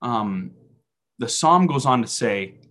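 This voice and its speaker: A man's voice: mid-range voice, animated, slow, a bit bright. A man giving a conversational faith talk, telling self-deprecating stories and asking rhetorical questions. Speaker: speaker at a faith meeting.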